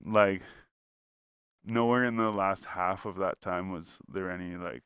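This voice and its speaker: A man telling a rambling story in casual podcast chat, swearing freely and jumping up in pitch whenever he quotes someone. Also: unhurried, clean tone, no room sound, clean studio sound. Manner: animated, jumps in pitch when quoting people.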